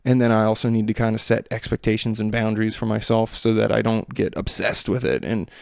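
A man's voice: on the low side, fairly even intonation, fairly quick, creaky, no room sound, clean studio sound. A man in his thirties talking through his thoughts in a rambling, hesitant monologue full of fillers and restarts. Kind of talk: reflective solo monologue.

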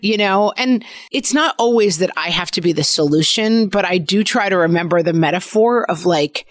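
A middle-aged woman co-hosting a podcast, chatting candidly about parenting and acting out her kids' lines in a relaxed, conversational way. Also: lowish voice, normal speed, few pauses. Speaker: podcast co-host. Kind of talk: casual parenting chat.

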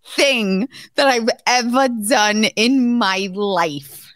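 Animated, laughing woman telling stories. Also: a little high, extremely slow, no room sound. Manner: animated storyteller, swears freely, laughs often. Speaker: podcast co-host. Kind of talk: casual chat.

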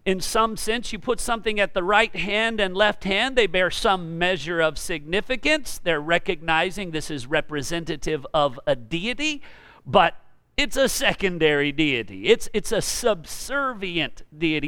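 A man's voice: fairly high pitch, animated, a little slow, sharp tone, smooth, dry recording. A middle-aged male pastor preaching a sermon, often repeating words and restarting sentences. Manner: preaching with frequent word repetitions and restarts.

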